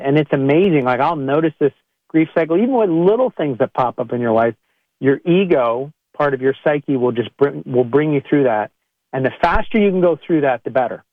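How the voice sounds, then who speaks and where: A man's voice: medium pitch, no echo. Man with a tinny phone-like sound. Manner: conversational, acts out quoted people in a raised voice. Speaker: chiropractor. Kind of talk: podcast monologue to listeners.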